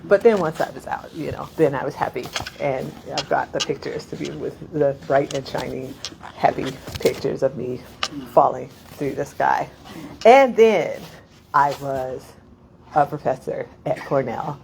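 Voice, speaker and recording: A woman's voice: very deep voice, a little slow, creaky, background noise. A middle-aged woman, a poet, telling a long, laughing anecdote at a reading, full of asides and "like" fillers. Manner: rambling, laughing, many "like" fillers.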